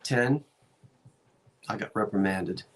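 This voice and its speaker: A man's voice: lowish voice, takes it slowly. A man with a Delaware Valley South Jersey accent, hosting a live online antiques sale in a chatty, joking, rambling salesman patter. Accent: Delaware Valley (South Jersey/Philadelphia). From South Jersey, USA.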